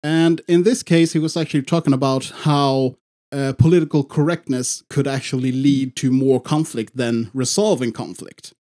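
A man's voice: mid-range voice, steady tone, moderate pace, mellow. A man co-hosting a casual podcast, rambling and swearing freely, with frequent restarts. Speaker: podcast co-host.

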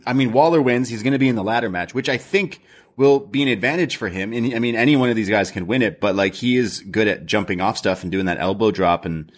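A man's voice: on the low side, fast. Rambling, jokey man talking wrestling. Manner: rambling, jokey, many fillers. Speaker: wrestling podcast co-host. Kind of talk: casual recap chat.

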